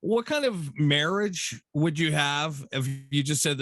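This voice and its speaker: Podcast co-host, male, lively and exasperated, slightly higher pitch, dry close sound. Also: a little slow, no echo. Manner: animated, swearing, rants with exasperation. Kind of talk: casual chat.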